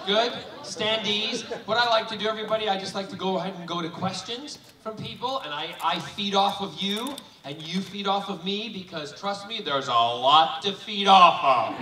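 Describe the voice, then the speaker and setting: On a live panel in a large convention hall, a man with a high voice teases and jokes with fans in camp banter. The recording is echoey and distant, with a loud crowd and noisy background.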